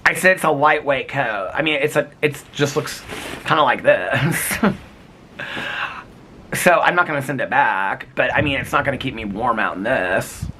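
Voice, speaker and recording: A man's voice: mid-range voice, expressive, normal speed, sharp tone, slight background noise. A man vlogging in casual chat, telling stories and acting out conversations, recorded outdoors in the cold. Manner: chatty storytelling, acts out quoted conversations.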